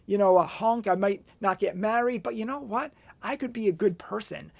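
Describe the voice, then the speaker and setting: A man's voice: high-pitched, creaky, no echo. Earnest man telling his own story. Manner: storytelling with personal anecdotes. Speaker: Catholic speaker. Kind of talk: motivational talk.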